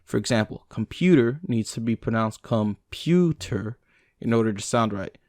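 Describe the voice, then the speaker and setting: A man, a native English speaker, reading language lesson notes aloud to himself, slowing down over examples. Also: on the low side, darkish tone, dry recording, studio quality. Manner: reads text aloud with fillers and restarts, slow over examples.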